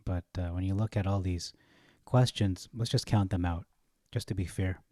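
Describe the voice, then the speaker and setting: A man reading Bible verses aloud and commenting on them, thinking aloud, correcting himself and pausing on fillers. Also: low voice, steady tone, a little mellow, dry recording. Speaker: Bible study teacher.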